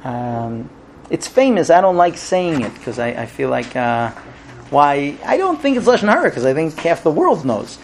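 A man's voice: normal speed, a little hiss or hum. A man teaching a religious class to a live audience, telling stories and acting out the characters with big jumps in his voice. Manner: animated storyteller, acts out characters with big pitch jumps. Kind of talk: Torah class with told stories.

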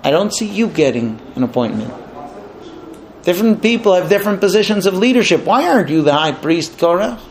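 Man doing a sneering rich wife, pitched up, jabs every line as a taunting question. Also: big pitch swings, a little fast, slight background noise. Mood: needling. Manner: mocking, needling questions. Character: scornful wealthy wife egging husband on.

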